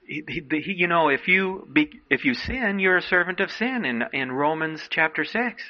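A man's voice: fairly high pitch, expressive, normal speed, dull audio. A man preaching a sermon to young people, earnestly exhorting and quoting old-fashioned scripture. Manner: earnest exhorting, quotes King James scripture.

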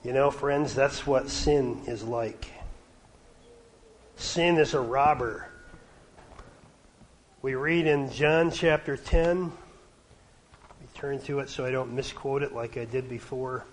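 A middle-aged man from Canada preaching a sermon, his voice sometimes dropping to a hush. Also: medium pitch, steady tone, a little slow, a little hiss or hum, poor audio. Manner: varies loudness, dropping to a hush at quiet points.

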